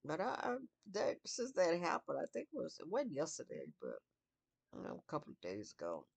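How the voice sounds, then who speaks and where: An older woman talking slowly in a relaxed bedtime video, musing to herself with restarts and pauses. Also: deep voice, vocal fry, no room sound. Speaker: vlogger.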